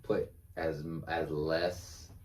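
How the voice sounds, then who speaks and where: A young man with a bass voice co-hosts a podcast, his pitch barely moving and his words drawn out in a darkish tone. The casual chat is laid-back and rambling, packed with fillers and restarts. The mic sounds distant, with faint background noise.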